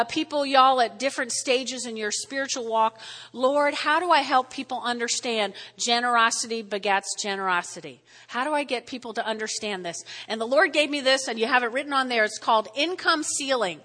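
A middle-aged woman pastor with a New Jersey accent preaching a sermon, energetic and checking in with the congregation. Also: sits high, long reverb tail. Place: church sanctuary.

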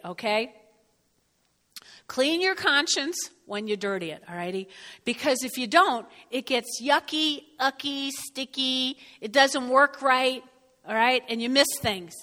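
A middle-aged woman from North Jersey with a New Jersey accent, giving an animated sermon and often checking in with her listeners. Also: on the high side, measured pace, in a large hall. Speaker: speaker. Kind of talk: sermon with personal storytelling.

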